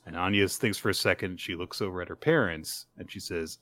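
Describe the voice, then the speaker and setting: A man co-hosting a podcast, recapping manga in casual chat and jumping into quick put-on voices for the characters. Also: low voice, a bit bright, no room sound. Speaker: podcast co-host.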